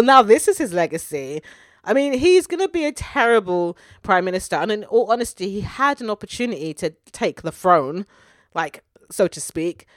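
A woman's voice: fairly low pitch, no echo, studio quality. A woman, co-hosting a podcast in casual, swearing chat. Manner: chatty, swearing, laughing. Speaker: podcast co-host.

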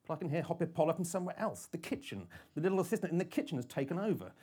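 A man's voice: fairly high pitch, sing-song, very fast, warm tone, slightly rough. Man narrating a tense thriller. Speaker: audiobook narrator. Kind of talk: first-person thriller narration.

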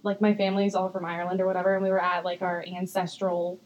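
A woman's voice: fairly low pitch, little pitch movement, quick pace, dull audio. A young woman co-hosting a podcast in casual chat, rambling and giggling often, swearing casually. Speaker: podcast co-host.

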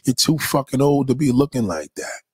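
A man hosting a livestream, reading chat and ranting in a blunt, mocking, animated way. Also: medium pitch, brisk, breathy edge, no room sound, studio quality. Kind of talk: casual profane rant.

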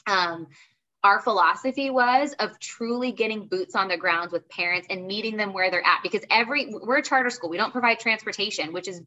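Bright-voiced woman guest, animated. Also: mid-range voice, brisk. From Arizona. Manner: animated, emphatic storyteller. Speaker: school network director, interview guest. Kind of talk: casual interview chat. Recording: slightly dull podcast audio.

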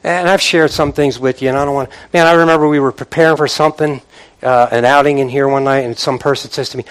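An older man, a pastor, preaching a sermon to his congregation, moving from quiet reflection to fervent exhortation and calling out to the room. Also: medium pitch, steady tone, fast talker, clear, resonant tone. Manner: builds from quiet musing to impassioned preaching; calls out "Amen?" and "come on" to the congregation.

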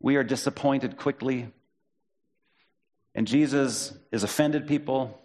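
A man preaching a sermon as pastor, in a conversational way, reading and paraphrasing scripture with lively quoted voices. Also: mid-range voice, measured pace.

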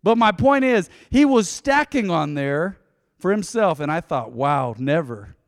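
A male pastor preaching a sermon, telling a personal story in a conversational way, swinging between loud emphasis and soft asides. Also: on the high side, very animated, a little slow, gravelly. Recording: long reverb of a large hall.

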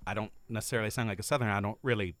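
A man's voice: on the low side, racing, a bit bright, dry recording. A man from the US South, a guest musician, telling rambling, self-mocking stories in a casual podcast chat.

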